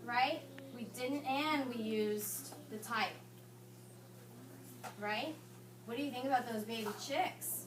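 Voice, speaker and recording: High-voiced teacher, roomy classroom recording. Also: female voice, slow pace, long pauses, background noise. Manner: patient, coaching, hushes the children often. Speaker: elementary school teacher. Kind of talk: reading a picture book aloud and modeling strategies. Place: classroom with young children. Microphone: camera some distance away. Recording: roomy classroom sound, distant mic.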